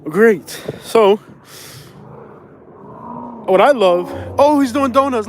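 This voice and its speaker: His voice is extremely high-pitched and animated, yet he takes it slowly as this Florida man with a Southern accent rambles in street slang. He's filming a casual walking vlog on a handheld phone on a snowy, windy street, with traffic and outdoor ambience behind him.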